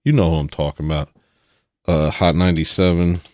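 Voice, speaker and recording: A man's voice: low-pitched, steady tone, brisk, a little mellow, no room sound. A man hosting a podcast, talking casually in a blunt, provocative rant with mocking asides. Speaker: podcast host. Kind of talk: casual opinionated monologue.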